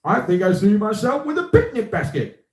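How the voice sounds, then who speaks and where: A man's voice: sits high, big pitch swings, moderate pace, reverberant, voice pushed up. A man voicing a cheerful, friendly male cartoon bear. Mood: jolly.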